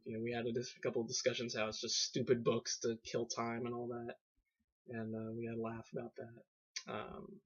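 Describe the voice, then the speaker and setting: A man casually reviewing books on a vlog, rambling with lots of fillers and sarcastic asides. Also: mid-range voice. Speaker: video book reviewer. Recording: dull lo-fi webcam audio.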